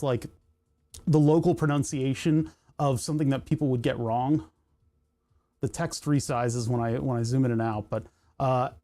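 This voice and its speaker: A mellow, darker voice belonging to a streamer from Pennsylvania, talking at an even, middling pitch. They chat casually while working at a computer, drifting from one tangent to the next and breaking off their own sentences. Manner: rambling, tangent-prone, self-interrupting.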